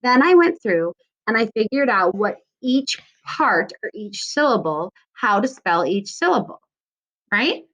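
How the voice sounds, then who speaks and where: A woman's voice: mid-range voice, very animated, a little slow, fairly bright tone. A woman teacher giving a recorded lesson to young children, stretching out syllables in a sing-song way. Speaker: second grade teacher.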